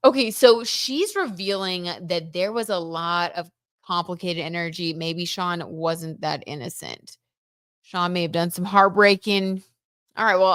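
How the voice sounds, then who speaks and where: A woman's voice: lowish voice, a bit bright, no room sound, clean studio sound. A woman hosting a tarot gossip livestream, chatting casually and reading out viewer comments, with lots of fillers like "like" and "um". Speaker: tarot reader and livestream host.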